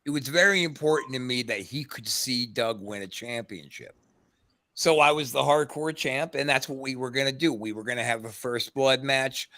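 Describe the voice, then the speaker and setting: A man's voice: mid-range voice, moderate pace, pushed and bright. A man, a podcast co-host, animatedly telling a wrestling story on a call and acting out the quotes, swearing freely. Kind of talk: casual storytelling on a video call.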